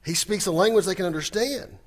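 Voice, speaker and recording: A man preaching a sermon, animated and humorous, talking fast. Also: high-pitched. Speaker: pastor.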